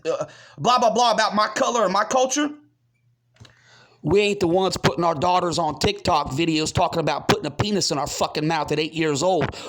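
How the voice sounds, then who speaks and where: A man's voice: sits high, a bit bright. American guy ranting on his channel, swears a lot, scornful and combative, talks straight at his viewers. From United States. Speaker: channel host. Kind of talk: ranting commentary.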